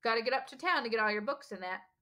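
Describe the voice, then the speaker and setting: A woman voicing a huge, bearded male gamekeeper who is gruff but kindly and speaks in a rough, folksy country dialect. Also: on the high side, animated, racing, bright, forceful tone. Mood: rueful.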